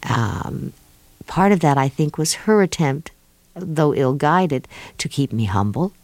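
A middle-aged woman from New York, a guest speaking thoughtfully in an interview and pausing often with fillers. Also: deep voice, expressive, a little mellow, dry recording. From New York, USA. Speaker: guest, author of an autobiography. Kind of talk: reflective interview talk.

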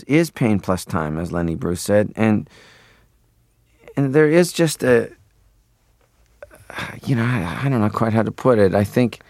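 A man's voice: fairly low pitch, dry recording, studio quality. A man from Canada, a guest in an interview, talking casually and rambling with many fillers.

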